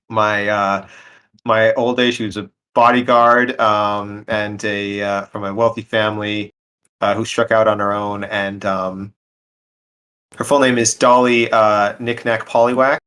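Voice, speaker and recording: A man playing a tabletop game, describing his ideas in a halting, laid-back way full of fillers. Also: on the low side, fairly bright tone, clean tone. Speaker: player. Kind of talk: casual tabletop game chat.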